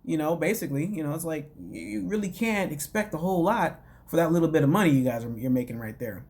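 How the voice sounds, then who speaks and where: Guy with a kinda high voice recapping a show, rambly, lots of "you know" and "like". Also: fast talker, darkish tone. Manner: wry, dismissive asides. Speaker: podcast host recapping a reality show. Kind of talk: casual recap commentary.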